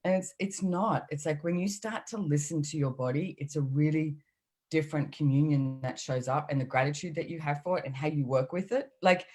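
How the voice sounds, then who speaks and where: Low-voiced chatty woman. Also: brisk. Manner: chatty, animated, acts out inner voices. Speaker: podcast guest. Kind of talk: casual chat.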